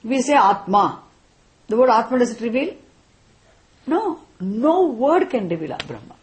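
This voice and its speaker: A woman teaching a class on scripture, speaking deliberately and often checking in with "isn't it?". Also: a little high, lively intonation. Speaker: Vedanta teacher.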